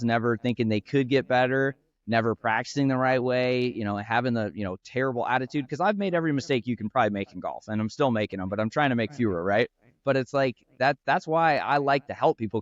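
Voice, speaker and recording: A man's voice: medium pitch, no room sound, muffled recording. A man who teaches golf, talking earnestly in a casual podcast chat, with lots of fillers. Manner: earnest, fast-flowing with frequent fillers. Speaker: golf instructor and brand founder.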